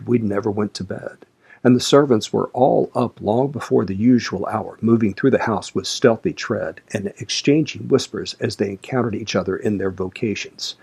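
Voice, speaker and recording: Gravelly low-voiced male audiobook narrator. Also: darkish tone. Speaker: audiobook reader. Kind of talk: audiobook narration of a classic novel.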